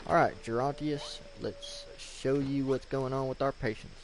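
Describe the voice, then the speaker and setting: A man giving relaxed, low-key commentary while playing a video game. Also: measured pace, slight background noise. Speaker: gameplay video host. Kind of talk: gameplay commentary.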